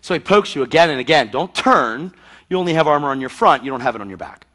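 A man's voice: a little high, animated, fast talker, bright, forceful tone. A man preaching an emphatic, intense sermon, acting out scenes with sound effects. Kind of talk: charismatic sermon.

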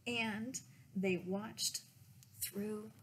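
Slow gentle storytime librarian woman. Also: medium pitch, steady tone, a little hiss or hum. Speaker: children's librarian. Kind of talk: picture book read-aloud.

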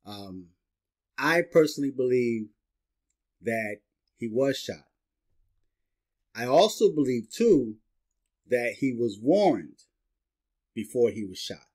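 A man's voice: mid-range voice, sing-song, slow, pauses often, a little mellow. Chatty man with a slight lisp. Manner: chatty, repeats "right?" and "okay?". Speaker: vlogger. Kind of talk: casual monologue to camera.

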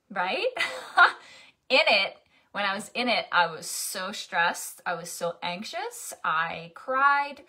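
A woman's voice: medium pitch, expressive, takes it slowly, sharp tone. A young adult woman coaching in a casual, chatty monologue, often restarting and asking "right?".

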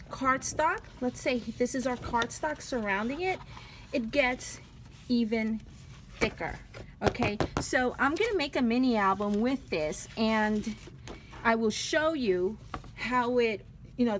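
A woman's voice: on the high side, slight background noise. A woman with a Spanish accent showing off paper craft supplies in a casual home vlog, gushing and laughing at herself, recorded on a phone. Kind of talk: casual product flip-through. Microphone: phone on a selfie stick.

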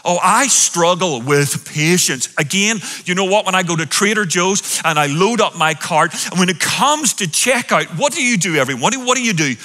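European guy pastor, lively sermon, keeps asking the crowd questions, long echo of a big church hall. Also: high voice, fairly quick, hardly any pauses. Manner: animated, quizzing the congregation with questions. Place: large church hall with an audience.

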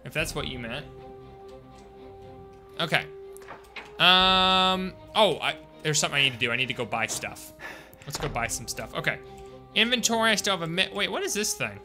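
Young male streamer, loose and jokey, chatting with viewers over gameplay, higher-pitched voice. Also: animated, moderate pace, long pauses, sharp tone, faint music behind. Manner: chatty, jokey, talks to chat. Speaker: game streamer. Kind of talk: casual gameplay commentary.

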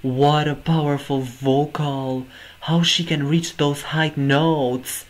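Speaking a little high and slowly, this man keeps his delivery flat while effusively reacting to a music performance. Over and over he cries "oh my god," amazed by what he hears. The audio quality is rough.

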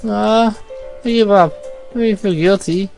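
A man voicing a bubbly, clumsy teenage schoolgirl in a raised, squeaky voice. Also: unhurried, gravelly, a little mellow, faint music behind. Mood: whiny.

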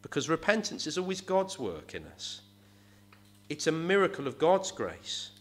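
A man delivers an earnest sermon. His pitch rises and falls a great deal as he leans on his rhetorical questions. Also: big pitch swings, moderate pace, a bit bright. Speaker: preacher.

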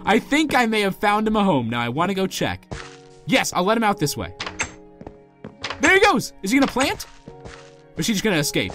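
Exasperated young man, wildly swinging pitch. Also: huge pitch swings, normal speed, long pauses, a bit bright, faint music behind. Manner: exasperated, pleading, melodramatic outbursts. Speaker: gaming channel host. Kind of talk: let's play commentary.

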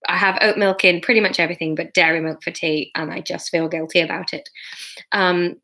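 A woman's voice: lowish voice, steady tone, fairly quick, bright, forceful tone. A woman reading a novel aloud, with chatty, self-mocking asides. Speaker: comedian reading her novel.

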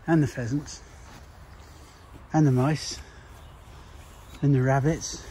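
A man's voice: medium pitch, fairly even intonation, slow pace, mellow. A man who runs a plant nursery, chatting casually and bluntly, swearing freely as he works outdoors. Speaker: nursery owner. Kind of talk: casual chat. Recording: noisy outdoor recording.

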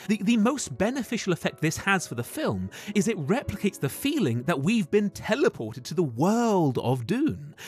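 Male essayist, animated and chatty, slightly high voice. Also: husky. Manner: animated, conversational with fillers. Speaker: video essayist. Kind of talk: video essay narration.

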